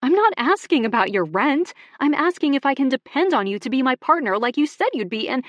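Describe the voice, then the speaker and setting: A woman's voice: a little high, expressive, moderate pace, no room sound, voice pushed up, lightly acted. An earnest young woman who owns a small shop, her voice lifted and pleading as a woman narrator reads her lines in an audiobook. The sound is close and dry, with no room around it. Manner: pleading, emotional, raised voice.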